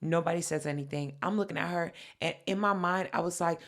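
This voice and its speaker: A woman co-hosting a podcast, telling a story in casual chat with lively, profane delivery. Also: lowish voice, fairly quick. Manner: animated, profane, acts out quotes. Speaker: podcast co-host.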